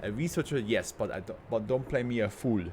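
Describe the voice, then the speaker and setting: A man's voice: medium pitch, fairly quick, a little mellow, a little hiss or hum, close to an everyday voice. A man playing a pompous tycoon brain in a jar. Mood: haughty. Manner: pompous, grandiose and contemptuous.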